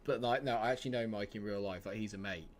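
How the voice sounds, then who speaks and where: A young man with a fairly low voice commentates his football management stream, bantering with the chat. He swings from joking asides to exasperated rants at his team. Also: quick pace. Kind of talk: casual livestream commentary.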